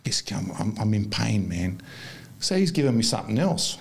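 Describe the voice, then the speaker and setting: Man, fifties, gravelly voice, rambling casual storytelling, frequent restarts. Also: on the low side, big pitch swings, normal speed, darkish tone. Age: 50s.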